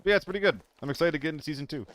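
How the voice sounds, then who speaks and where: A man's voice: on the high side, very fast, fairly bright tone. A young man live-streaming a shooter game, chatting loosely with viewers, swearing and getting flustered in fights. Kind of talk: casual live-stream chat while gaming.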